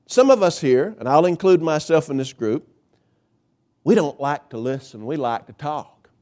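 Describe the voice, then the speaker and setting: High-voiced man preaching with emphatic pauses. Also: animated, a little mellow. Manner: emphatic preaching with dramatic pauses and pitch swings. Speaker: pastor. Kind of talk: sermon.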